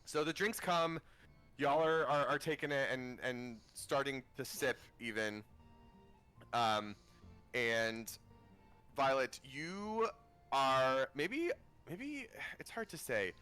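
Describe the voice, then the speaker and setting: A man's voice: mid-range voice, animated, slow, sharp tone, clear, resonant tone, faint music behind. A man narrating a tabletop game as game master, rambling with ums and restarts.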